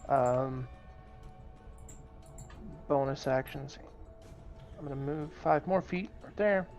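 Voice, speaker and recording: A man's voice: mid-range voice, slow, darkish tone, muffled recording, faint music behind. A man playing an online tabletop game, talking through his moves aloud with many fillers and restarts. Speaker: player.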